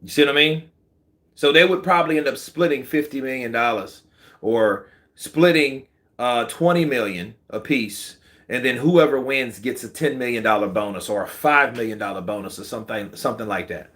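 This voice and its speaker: A man hosting casual boxing commentary, slangy and animated, answering viewer comments. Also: medium pitch, normal speed. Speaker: boxing channel host.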